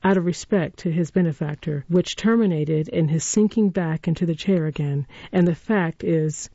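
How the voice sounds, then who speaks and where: A woman narrating a classic story in a measured, expressive reading voice. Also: fairly low pitch, slightly rough, no room sound. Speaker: audiobook narrator. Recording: dull, dry lo-fi recording.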